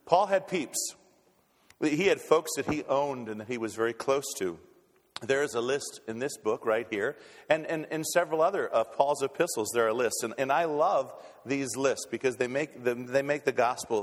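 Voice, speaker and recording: A man's voice: mid-range voice, normal speed. A man preaching a sermon as pastor, folksy and stumbling on repeated words as he restarts. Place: church sanctuary. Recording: long reverb in a church hall.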